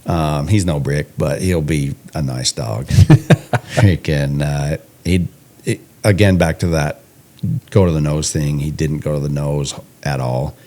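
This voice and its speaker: A man's voice: extremely low pitch, a little slow, dark tone. A man co-hosting a podcast, chatting casually and joking with frequent laughs. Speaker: podcast co-host. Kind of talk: casual chat. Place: indoors podcast recording.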